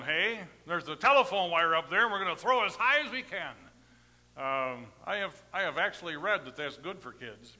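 A middle-aged man preaching a storytelling sermon, folksy and rambling, with sudden swings between loud emphasis and quiet asides. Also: on the high side, lively intonation, moderate pace, long reverb tail. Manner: folksy, rambling anecdotes with tag questions.

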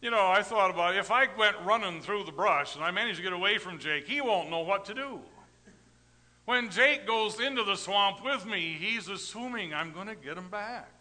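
Forceful, bright-voiced preacher man in a reverberant hall. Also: high voice, lively intonation, normal speed. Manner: folksy, rambling anecdotes with tag questions; big swings between loud emphasis and quiet asides. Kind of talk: storytelling sermon.

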